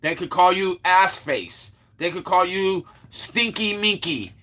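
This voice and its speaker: Man, livestream host, bright and forceful voice, rambling, lots of fillers, teases chat viewers. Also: high-pitched, lively intonation, slow pace. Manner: rambling, with many fillers and restarts. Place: Florida.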